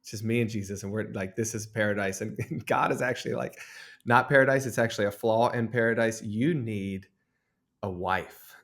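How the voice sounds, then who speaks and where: Casting note: earnest man, deep-ish voice, reflective storytelling guest. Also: moderate pace. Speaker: author and guest. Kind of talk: conversational interview.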